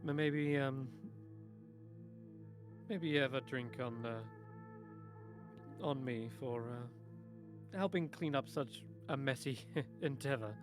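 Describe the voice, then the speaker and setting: A man narrating a tabletop game as game master, halting with many ums and restarts. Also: mid-range voice, music in the background.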